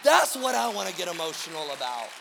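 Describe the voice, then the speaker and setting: A man preaching from a pulpit, his voice high and gravelly, impassioned and repetitive, dropping to a hush and then climbing loud. The sound carries the long reverb of a big church hall. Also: big pitch swings, fast, over a noisy crowd, very noisy. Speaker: pastor. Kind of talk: sermon. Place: church auditorium.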